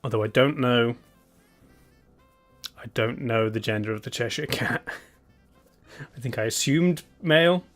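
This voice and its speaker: A man's voice: mid-range voice, unhurried, pauses often, faint music behind. A man hosting a live stream in a casual, laid-back way. He chuckles often and hums idly between remarks. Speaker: streamer host.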